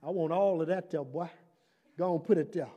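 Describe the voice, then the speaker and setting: A man's voice: fairly high pitch, fairly quick, mellow, husky. A man voicing a cocky, out-of-shape old male security guard, drawling and taunting as he retells a sitcom scene in a sermon.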